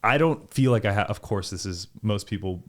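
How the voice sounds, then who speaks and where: A young man from California with a Californian accent, talking casually as a podcast host, animated and full of fillers and swearing. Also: fairly low pitch, a little fast. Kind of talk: casual chat.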